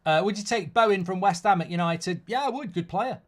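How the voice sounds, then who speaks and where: A man's voice: high voice, fairly quick. A middle-aged man, hosting a live football watchalong in a chatty way and reading out viewer comments. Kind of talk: casual live-stream chat.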